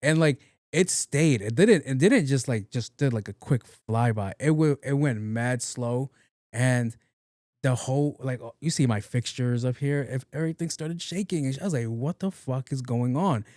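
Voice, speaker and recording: Rambling, profane New podcast host. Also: male voice, medium pitch, normal speed, darkish tone, no room sound, clean studio sound. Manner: rambling, profane, repeats words playfully. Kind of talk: casual solo podcast monologue.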